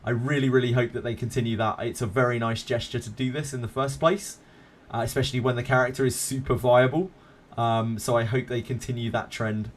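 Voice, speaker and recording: A man's voice: mid-range voice, fairly even intonation, a little fast, slight background noise. A man streaming a game live, chatting casually with viewers in a laid-back, self-mocking way and swearing freely.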